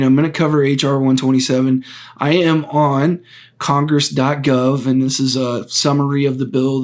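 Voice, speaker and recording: A man hosting his own podcast, talking through a topic on his own in an earnest, deliberate way, often stopping to restart a phrase and explain step by step. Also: mid-range voice. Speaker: podcast host. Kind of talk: solo political commentary.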